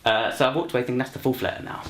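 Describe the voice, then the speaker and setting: A man's voice: medium pitch, racing, fairly bright tone. A young man introducing himself and telling a comic story, rambling with many fillers and restarts. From London. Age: young adult. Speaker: university student, actor. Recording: roomy echo, faint music.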